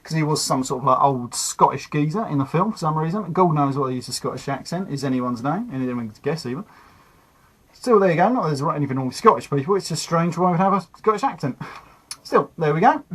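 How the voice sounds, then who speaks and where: A man's voice: on the high side, animated, quick pace, a bit bright, poor audio. A man casually reviewing a toy, chatting easily as he handles it. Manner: chatty and easygoing, narrating while fiddling with a toy.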